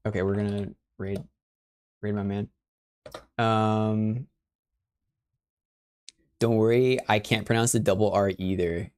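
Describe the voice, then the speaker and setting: A man's voice: fairly low pitch, fairly even intonation, slow, pauses often, darkish tone, clean tone. Rambling young man chatting on stream. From Spanish and Sicilian family background. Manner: rambling, chatty, with playful rolled R's and Spanish phrases. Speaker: livestreamer. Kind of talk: casual livestream chat.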